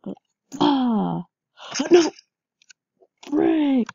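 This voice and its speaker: A woman giving casual game commentary, excitable, with frequent yelps and laughs. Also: fairly low pitch, takes it slowly, creaky, no echo, highs cut off. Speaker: gameplay commentator.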